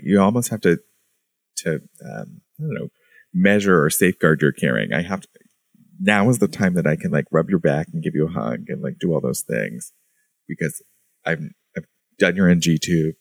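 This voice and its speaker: A man co-hosting a nursing podcast, talking in animated, reflective casual chat and acting out his inner thoughts. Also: deep voice, moderate pace, vocal fry, no room sound. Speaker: nurse podcast co-host.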